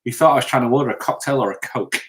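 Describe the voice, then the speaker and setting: A man's voice: medium pitch, rapid-fire, a bit bright. A middle-aged man co-hosting a live stream, joking and reading viewers' comments aloud as he thanks them.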